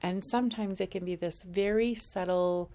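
A woman in her fifties with a gravelly, fry-touched voice at a middle pitch. She talks to camera as the host of a weekly inspirational series, rambling casually and leaning on fillers as she goes. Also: fairly even intonation, moderate pace, warm tone, a little hiss or hum. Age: 50s. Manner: rambling, chatty, heavy on fillers like "like". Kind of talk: casual personal monologue.

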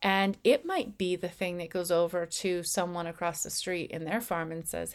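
A woman giving a conversational spiritual teaching talk, acting out the anxious and calm inner voices now and then. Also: on the low side, moderate pace, few pauses, smooth. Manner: acts out voices of ego and intuition; conversational, with slips and restarts. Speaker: spiritual speaker.

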